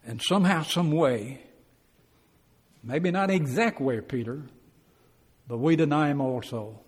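A man's voice: a little high, unhurried, breathy edge, in a large hall. A man preaching a Bible class sermon in a folksy, plainspoken way, acting out quotes and chuckling.

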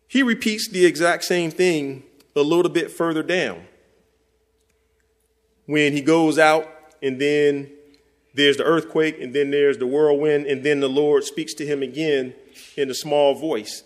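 A man preaching a sermon. He talks conversationally to the listeners and reads scripture slowly and deliberately. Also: fairly high pitch. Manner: conversational, speaks directly to listeners.

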